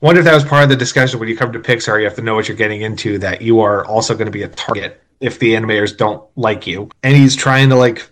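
A man's voice: lowish voice, fairly even intonation, fast talker, hardly any pauses. A man co-hosting a casual film discussion podcast, recapping the plot with opinionated asides. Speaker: podcast co-host.

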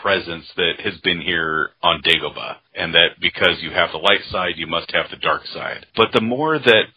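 A man's voice: low voice, moderate pace, lo-fi sound, slight background noise. A man co-hosting a casual film podcast, talking about what he loves with easy enthusiasm. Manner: enthusiastic, laughs easily. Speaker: podcast co-host.

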